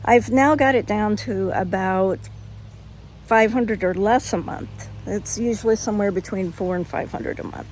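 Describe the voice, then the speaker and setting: A woman's voice: medium pitch, normal speed, a little mellow, a little hiss or hum. An older woman chatting frankly in a casual home vlog, folksy, with frequent ums. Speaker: vlogger.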